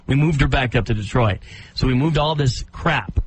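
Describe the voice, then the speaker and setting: A man's voice: medium pitch, normal speed, low-quality recording. A man co-hosting a radio talk show, chatting casually and telling a family story. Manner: animated, mocks a commercial announcer.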